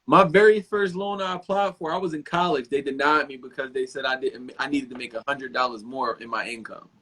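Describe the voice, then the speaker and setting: A man's voice: medium pitch, fairly even intonation, fairly quick, sharp tone, slightly rough, rough recording. A man speaking as a guest in a casual chat, plainspoken and conversational.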